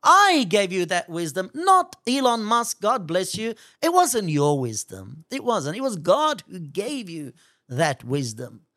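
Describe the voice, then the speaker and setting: A fervent preacher delivers a sermon slowly and deliberately, the pitch rising and falling in wide, lively swings. The voice is recorded close and dry, with no room sound. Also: no room sound. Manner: fervent, speaks at length in God's voice.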